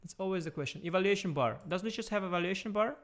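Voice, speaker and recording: Setting up a chess stream, a tired man starts off softly, then talks rapid-fire in a high voice, addressing his viewers directly and playfully while he clicks around. It's relaxed live-stream chat recorded on a desktop USB microphone.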